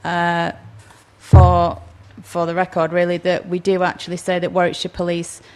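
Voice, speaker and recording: A woman's voice: fairly low pitch, completely flat delivery, moderate pace, a little mellow, clean tone. A woman speaking at a council meeting, carefully clarifying a point for the record. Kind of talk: formal meeting remarks.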